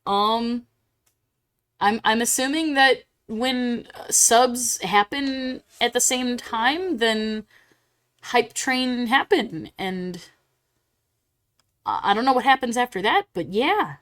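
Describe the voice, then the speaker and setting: A young woman streaming live while drawing, chatting casually and getting bubbly and squealy when excited. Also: fairly high pitch, slow pace.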